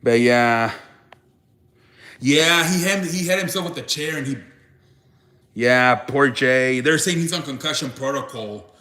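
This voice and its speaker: A man's voice: mid-range voice, unhurried, pauses often, sharp tone. A young man hosting a casual live stream, rambling and restarting his sentences as he reacts to chat. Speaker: live show host. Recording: echoey room.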